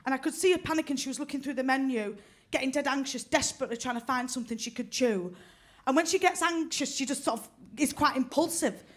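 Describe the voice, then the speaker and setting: A high-voiced woman performs a stand-up comedy routine at a comedy venue, delivering deadpan punchlines and quick character voices. It's captured on a stage mic with live audience laughter.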